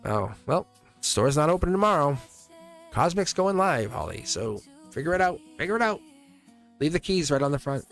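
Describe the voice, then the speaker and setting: A man's voice: a little high, very animated, normal speed, vocal fry, a bit bright, faint music behind. A man hosting a live tarot stream in a casual, rambling way, chuckling often and joking with his viewers.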